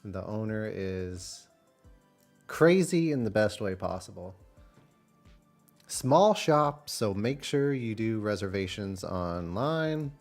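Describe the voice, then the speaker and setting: Young man, from Texas, streamer, casual storytelling, animated quoted voices, soft music in background. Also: fairly low pitch, slow. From Texas, USA. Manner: animated, acts out quotes with big voice jumps.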